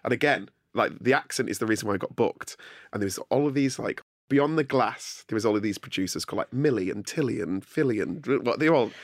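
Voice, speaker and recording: A man's voice: medium pitch, animated, fast talker, dry recording, studio quality. A young man with a Northern English accent, co-hosting a podcast and telling blunt, jokey stories. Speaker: co-host. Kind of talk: casual podcast chat.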